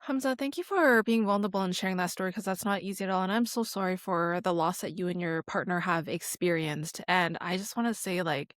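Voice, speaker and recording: A woman's voice: fairly low pitch, a little fast, few pauses, dry recording, studio quality. A woman hosting a podcast, responding to her guest in a supportive, casual, blunt way. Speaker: podcast host. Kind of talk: interview conversation.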